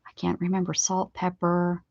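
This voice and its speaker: A woman's voice: fairly low pitch, monotone, moderate pace, gravelly, darkish tone, dry recording. A middle-aged woman, chatting casually on a livestream and rambling with many self-corrections. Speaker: craft livestream host. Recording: dull, slightly lo-fi dry sound.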